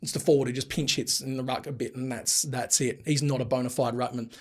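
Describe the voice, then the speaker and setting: A man with an Australian accent co-hosting a casual sports podcast, animated and joking, often restarting his sentences. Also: medium pitch, brisk. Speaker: podcast co-host.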